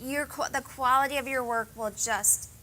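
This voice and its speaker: A woman's voice: sits high, moderate pace, pushed and bright, a little hiss or hum. A woman co-presenting a conference breakout session, encouraging and emphatic with the audience.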